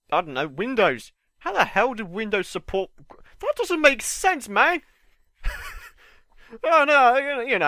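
Casting: young gamer guy, high, lively voice, slightly stuffed-up, chatty and excitable. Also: no room sound, clean studio sound. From United Kingdom. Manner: chatty, excitable, swears mildly, jokes with viewers. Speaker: gaming channel host. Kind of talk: casual gameplay commentary.

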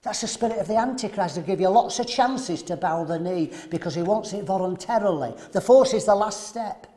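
A man preaching at a men's seminar, animated and throwing rhetorical questions to the audience. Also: sits high, a little fast.

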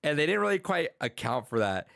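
A man hosting a podcast in casual chat, retelling a story in an animated, rambling way with many restarts. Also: fairly high pitch, fairly quick, gravelly, dry recording.

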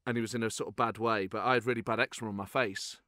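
A man in his thirties hosting a podcast, a lively storyteller who laughs often in casual chat. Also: lowish voice, rapid-fire, no room sound, studio quality. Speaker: podcast host.

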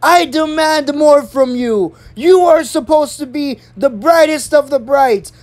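A young adult storyteller putting on a furious, strict woman principal who scolds in a shrill, drawn-out way. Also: sing-song, a little mellow. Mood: scolding.

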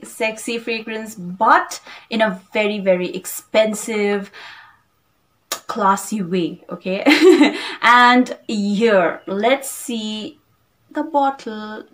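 A woman vlogger reviewing a perfume in a casual, gushing way, piling on drawn-out praise and often checking in with "okay?" and "like". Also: mid-range voice.

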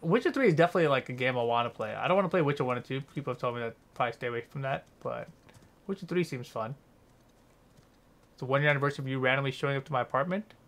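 A man's voice: medium pitch, expressive, rapid-fire, a bit bright. A young man streaming a game, rambling casually and swearing while chatting with his viewers. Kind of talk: casual gameplay commentary.

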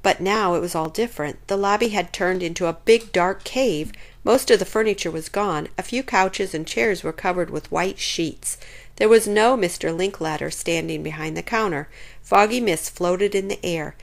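A woman reading a children's chapter book aloud in an expressive, lively way. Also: lowish voice, moderate pace, creaky. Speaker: storyteller.

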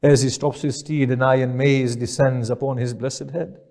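A man's voice: medium pitch, little pitch movement, normal speed, creaky, darkish tone. A male preacher narrating a mournful sermon in a solemn voice that rises into lament.

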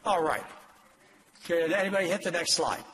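An older man, a doctor, lecturing an audience in an emphatic, exhortative way with sudden leaps in pitch. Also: normal speed, fairly bright tone, low-quality recording. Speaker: doctor giving a talk.

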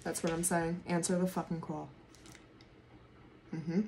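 A woman doing a casual tarot reading to camera, excitable, swearing freely and laughing often. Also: lowish voice, a little slow, gravelly, slight background noise. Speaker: tarot reader.

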